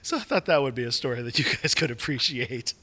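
A man's voice: medium pitch, expressive, fast, pushed and bright, long reverb tail. A man co-hosting a podcast in casual chat, wry and teasing. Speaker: podcast co-host.

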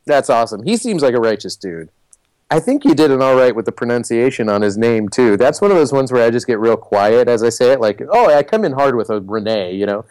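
A man's voice: mid-range voice, big pitch swings, fairly quick, darkish tone, no echo. A man co-hosting a podcast in casual chat, playful and joking, laughing a lot. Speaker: podcast co-host.

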